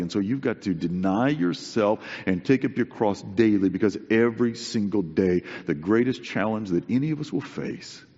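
A man's voice: on the low side, normal speed, hardly any pauses, mellow, slightly rough. Man preaching in a reverberant hall. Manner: earnest, conversational, emphatic repetition. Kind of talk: sermon. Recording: dull recording with long hall reverb.

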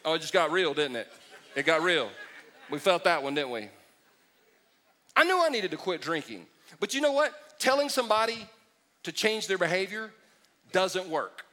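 A middle-aged man preaching a sermon in an animated, joking way, acting out mocking impressions. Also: high-pitched, moderate pace, long pauses. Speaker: pastor.

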